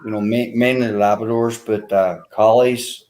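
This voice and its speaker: A man's voice: lowish voice, steady tone, measured pace, a little mellow, rough recording. A man chatting casually on a video call, rambling with many "you know" fillers. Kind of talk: casual chat.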